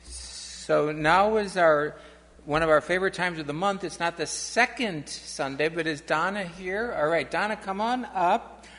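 A man's voice: on the high side, unhurried, fairly bright tone. A man leading a gathering, casually calling the next speaker up in a large hall. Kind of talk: announcing at a gathering. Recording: long hall reverb.

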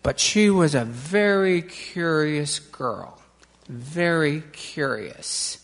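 A man in his fifties telling a story in a slow, gentle way, stretching out key words. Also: fairly high pitch, lively intonation, long reverb tail. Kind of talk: told story for listeners.

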